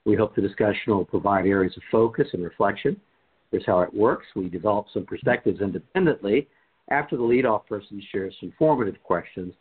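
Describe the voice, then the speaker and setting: A man hosting a scripture discussion podcast, reading scripture aloud in a measured, deliberate way and leading the talk. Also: on the low side, husky. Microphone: video call. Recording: tinny phone-like line.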